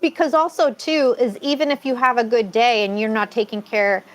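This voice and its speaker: A woman hosting a casual live-stream talk, with a voice pitched a little higher than most. She tells stories in a rambling way and often corrects herself mid-sentence. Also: steady tone, normal speed. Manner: rambling, self-correcting storyteller. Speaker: host.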